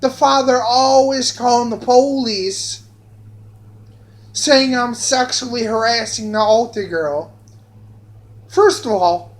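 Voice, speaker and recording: A man drags out a long, rambling story of his own in an unhurried way. He is profane throughout and circles back over the same phrases again and again. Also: very high-pitched. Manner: profane, repeats phrases, drawn-out. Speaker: vlogger telling a personal story. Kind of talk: rambling personal anecdote.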